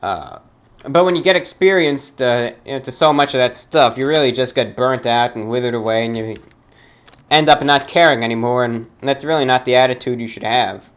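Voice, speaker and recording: Hosting a talk show, a man from the New York area reads fan mail in a formal, measured, dry manner. His accent blends British and New York, and his mid-range voice is a bit bright.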